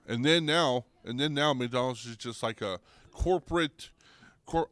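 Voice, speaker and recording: A young man hosting a podcast, ranting comedically with lots of swearing and restarts, getting louder and higher when worked up. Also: measured pace, clear, resonant tone, dry recording. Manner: rambling, profane, restarts, goes loud and high when riled. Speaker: podcast host. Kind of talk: comedic rant.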